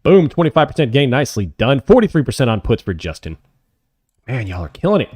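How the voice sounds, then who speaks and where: A man hosting a live options trading stream, calling his trades as they happen and answering chat questions, often excited. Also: medium pitch, fast talker, slightly rough, no echo, studio quality. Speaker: options trading livestream host.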